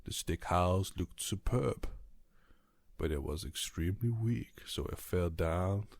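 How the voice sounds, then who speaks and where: A man reading a bedtime story aloud in a calm, soothing, soft-spoken ASMR manner. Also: deep voice, slow, vocal fry, no room sound.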